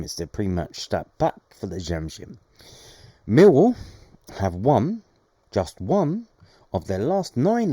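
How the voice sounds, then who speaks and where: A man hosting a daily football news podcast reads reports aloud and breaks off for dry, sarcastic asides. His voice sits low, with a warm dark tone and a lively, swinging pitch. The recording is close and dry. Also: dry recording. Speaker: podcast host.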